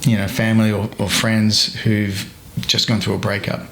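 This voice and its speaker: A man chatting as a guest, telling stories in a frank and relaxed way. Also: lowish voice, normal speed. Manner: relaxed storytelling, frank and earthy. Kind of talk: casual conversation. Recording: roomy echo.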